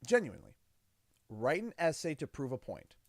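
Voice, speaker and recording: A man hosting a livestream in a relaxed, chatty way, his pitch leaping up and down as he acts out little dialogues. He sits somewhat high in pitch for a man. The sound is dry and close, with no room around it. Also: normal speed, no room sound. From Canada. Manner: animated storytelling, acts out his kids' and his own lines in quotes. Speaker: livestream host. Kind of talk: casual livestream chat.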